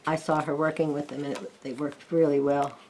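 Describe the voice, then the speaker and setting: An older woman gently chatting as she flips through and reviews a deck of oracle cards, with admiring asides. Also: low-pitched, level tone, brisk, slight background noise. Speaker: tarot card reviewer. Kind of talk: casual card flip-through chat.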